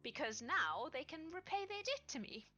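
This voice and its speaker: A woman's voice: high-pitched, very animated, normal speed, sharp tone, faint music behind, pitched above the performer's own voice, exaggerated voice. A woman playing a sugary scheming noblewoman. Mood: sweetly smug. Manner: sugary, condescending politeness. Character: sweet-mannered scheming noblewoman, the Lady. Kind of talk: tabletop role-play voicing.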